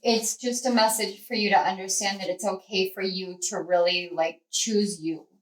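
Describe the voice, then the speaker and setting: A tarot reader gives a spiritual reading in a medium-pitched voice with fairly even intonation and normal speed. She rambles heartfeltly, using lots of fillers, and sits away from the mic, so the recording sounds roomy and off-mic.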